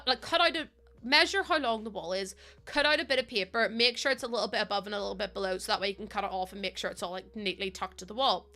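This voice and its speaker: A woman's voice: a little high, pushed and bright. A young woman streaming a game, chatting casually while laughing often and swearing freely. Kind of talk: casual chat while gaming.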